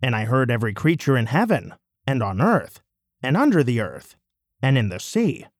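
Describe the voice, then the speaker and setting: Man reading scripture with lively intonation. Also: medium pitch, no echo, studio quality. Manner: measured, solemn, declamatory phrasing. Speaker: scripture reader.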